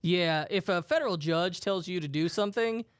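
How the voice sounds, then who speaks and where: A man's voice: high voice, normal speed, smooth, no room sound, clean studio sound. A man co-hosting a podcast, telling stories in a jokey, self-deprecating way. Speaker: podcast co-host. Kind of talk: casual podcast chat.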